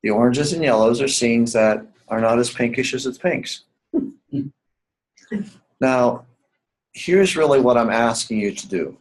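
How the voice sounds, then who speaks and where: A man's voice: mid-range voice, lively intonation, unhurried, long pauses, rough recording. Emphatic man teaching a writing class. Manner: emphatic, repeats key points, asks the class questions.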